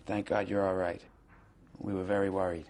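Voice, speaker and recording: An actor playing a calm police sergeant who coaxes someone on the phone in a quiet, persuasive way. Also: male voice, low-pitched, moderate pace, natural voice. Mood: coaxing. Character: calm smooth-talking male police sergeant, middle-aged.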